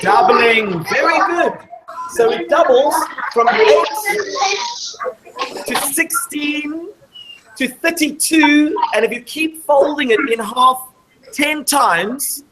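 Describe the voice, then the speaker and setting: A woman with a fairly high voice leads a lively maths lesson in a classroom, walking the children through each step and pausing to quiz them. The recording carries clear background noise and clicks. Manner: explains step by step, quizzing the class. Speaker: maths show presenter. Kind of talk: live maths show for schoolchildren.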